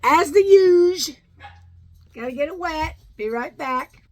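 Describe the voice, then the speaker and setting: A woman's voice: sits high, animated, measured pace, a little hiss or hum, poor audio. A middle-aged woman vlogging in casual, rambling chat, now and then cooing at her dog in baby talk.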